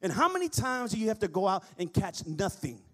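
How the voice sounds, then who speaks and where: A man's voice: high-pitched, very animated, a little fast. A man preaching a sermon as pastor in a church, reading scripture and calling on the congregation to answer back. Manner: preaching, quoting scripture, calls on the congregation to respond.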